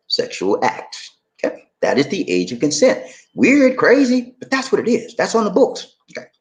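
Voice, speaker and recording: A man hosting a casual vlog, chatty and repetitive as he quizzes viewers. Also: mid-range voice. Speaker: channel host.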